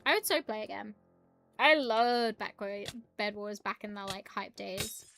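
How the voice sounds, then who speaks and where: A woman's voice: mid-range voice, unhurried, vocal fry, music in the background. A young woman streaming a game, chatting in a rambling, casual way and greeting her viewers. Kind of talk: casual live-stream chat while gaming.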